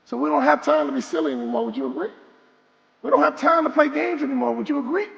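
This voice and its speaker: A man's voice: extremely high pitch, quick pace, vocal fry, fairly bright tone, highs cut off. A man giving a motivational speech to a live audience, with an emphatic, repetitive, preacher-like rhythm and call-and-response questions to the crowd. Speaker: motivational speaker. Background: background music.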